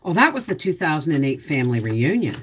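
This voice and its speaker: A middle-aged woman hosting a casual vlog, rambling to herself and her viewers while digging through old photos, with sudden loud, high exclamations. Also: sing-song, fast talker, slight background noise. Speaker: homestead vlogger.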